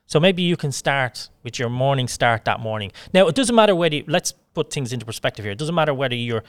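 A man's voice: medium pitch, animated, fast talker, smooth, dry recording. A man hosting a podcast interview, chatty and enthusiastic with a rambling way of talking. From Ireland. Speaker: podcast host. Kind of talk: casual interview chat.

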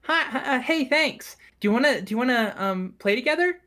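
Cheerful little elven girl, high and bubbly, put on by a male game master. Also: expressive, brisk, pushed and bright, exaggerated voice. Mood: eager.

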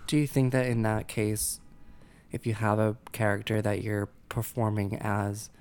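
Man, podcast host, casual interview, playful, gravelly voice. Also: fairly low pitch, little pitch movement, normal speed, darkish tone. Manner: playful, chatty.

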